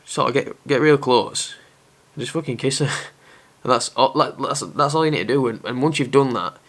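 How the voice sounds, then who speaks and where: A man's voice: medium pitch, moderate pace, a bit bright. A young man talking casually to camera as a dating advice presenter, candid and self-aware.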